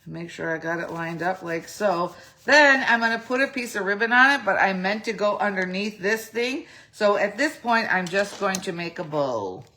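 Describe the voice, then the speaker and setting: Speaking at a moderate pace in an expressive mid-range voice with a sharp tone, a middle-aged craft demonstrator chats through a casual step-by-step tutorial. She thinks aloud and corrects herself, her throat slightly phlegmy, and a little hiss or hum is audible.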